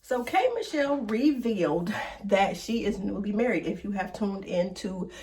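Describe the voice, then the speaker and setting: A woman's voice: mid-range voice, animated, moderate pace, darkish tone, distant mic. Sassy woman dishing celebrity gossip, mic set back. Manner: sassy and emphatic, swears freely. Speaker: gossip show host. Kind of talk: animated celebrity gossip commentary.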